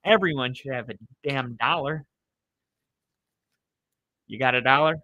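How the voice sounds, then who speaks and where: A man's voice: on the high side, pushed and bright, no echo. A young man live streaming, chatting casually with viewers, rambling and swearing as he reads the chat.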